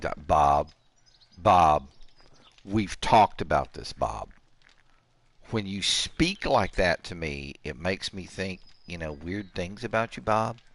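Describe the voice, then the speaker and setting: Lively jokey man in his sixties. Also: sits low, slow pace. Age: 60s. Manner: jokey, trash-talks the characters. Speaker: gaming channel host. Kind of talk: let's play commentary.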